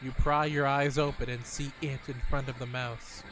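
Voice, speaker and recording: A male streamer reads a text adventure aloud theatrically while playing, adding playful asides between passages. His voice is mid-range, with a level tone and moderate pace.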